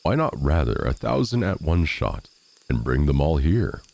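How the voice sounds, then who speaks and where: A man's voice: very deep voice, big pitch swings, moderate pace, gravelly, a little mellow, exaggerated voice. A man voicing a boastful, cocky little male tailor in a storybook reading, with brash, bragging delivery.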